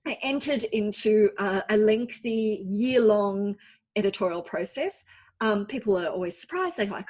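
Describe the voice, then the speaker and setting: A woman's voice: mid-range voice, expressive, moderate pace, a little mellow, slightly rough. A woman in her forties with an Australian accent, an author giving an online talk in a chatty, self-deprecating storytelling manner. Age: 40s.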